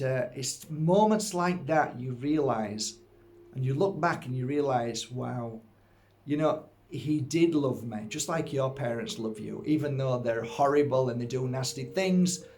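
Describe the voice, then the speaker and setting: A middle-aged Yorkshire man, an energy healer and spiritual teacher, gives viewers an earnest, reflective personal talk. His mid-range voice has a darkish tone and a measured pace, with slight background noise. He comes across as heartfelt and musing.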